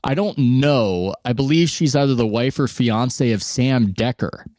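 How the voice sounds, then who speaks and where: A man's voice: mid-range voice, a little slow, a little mellow, dry recording, studio quality. A man hosting a podcast, talking sports in a rambling, conversational way. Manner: rambling, conversational, self-interrupting. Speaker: podcast host. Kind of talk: casual sports chat.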